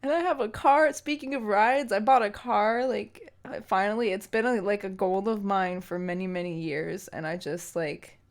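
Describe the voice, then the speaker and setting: A woman's voice: mid-range voice, steady tone, normal speed, hardly any pauses. A young woman streamer chatting casually with her viewers, emotional and teary, rambling with many fillers. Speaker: streamer and singer. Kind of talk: casual live-stream chat.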